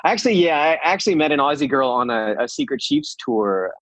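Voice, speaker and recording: A man's voice: a little high, big pitch swings, brisk, a bit bright, dry recording. A man, chatting loosely as an interview guest, full of restarts and easy laughter. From California. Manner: rambling, many restarts, laughs easily. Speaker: guest musician. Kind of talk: casual interview chat.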